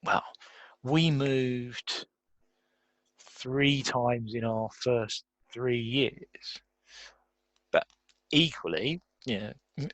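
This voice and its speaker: Male guest, mid-pitched, chatty, laughs a lot, dry sound. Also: takes it slowly, a bit bright, dry recording. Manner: laughs often while talking, reflective. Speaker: guest, career coach. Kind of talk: conversational podcast interview.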